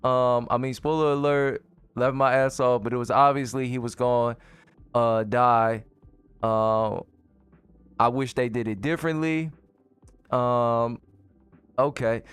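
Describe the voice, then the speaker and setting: A relaxed man hosts a live gaming chat, tossing out slang and reading viewer comments. His voice is smooth and clear at a mid pitch. Faint music sits underneath. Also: unhurried, pauses often, no room sound. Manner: laid-back, slangy, chuckles often. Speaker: host.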